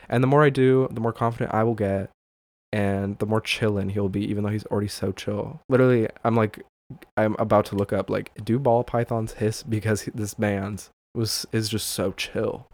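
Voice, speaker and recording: A man's voice: lowish voice, darkish tone. A man hosting a casual solo podcast, rambling, swearing and laughing often, with many fillers. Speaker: podcast host.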